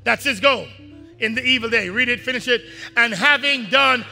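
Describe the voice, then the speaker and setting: High-pitched, sharp-voiced man preaching. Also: moderate pace, in a large hall, soft background music. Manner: preaching with call-and-response to the congregation; breaks off scripture readings to explain, rising to shouts. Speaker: pastor. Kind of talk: sermon.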